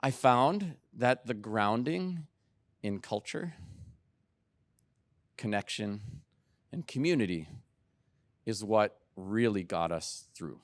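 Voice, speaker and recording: A middle-aged man giving a keynote talk, telling lively family anecdotes and acting out what people said. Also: lowish voice, slow, long pauses, dry recording. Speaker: keynote speaker. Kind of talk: storytelling talk.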